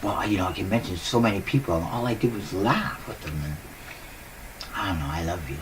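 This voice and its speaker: A man's voice: low-pitched, fairly quick, far from the mic, noisy background. A man talking to his viewers in a casual rambling monologue, upbeat and giggly, laughing often, on a new cheap microphone. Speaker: vlogger. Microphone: new cheap desk microphone.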